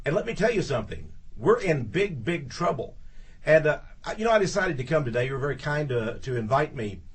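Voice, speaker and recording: A man's voice: on the high side, big pitch swings, fairly quick, husky. A man speaking as a guest on a studio talk radio show, emphatic and indignant, repeating words for stress.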